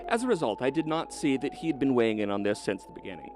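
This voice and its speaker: Guy in a clip, defensive, lively up-and-down voice, music going behind him. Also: mid-range voice, quick pace.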